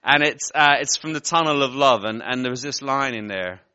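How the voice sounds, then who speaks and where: A man's voice: mid-range voice, normal speed, bright, forceful tone, clear, resonant tone, no room sound, dull audio. A man preaching a sermon, giving earnest personal words to people in the congregation and often breaking off with apologetic asides.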